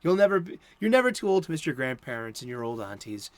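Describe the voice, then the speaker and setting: A man's voice: medium pitch, big pitch swings, quick pace, dry recording. A middle-aged American man hosting a casual chat, rambling with many fillers and restarts. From United States. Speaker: host.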